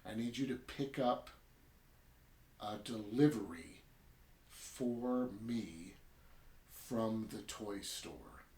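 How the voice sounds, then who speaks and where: A man's voice: fairly low pitch, lively intonation, drawn-out words, pauses often, mellow, reverberant, exaggerated voice. A man voicing a scheming male toy soldier in a retold story, giving curt orders. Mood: commanding.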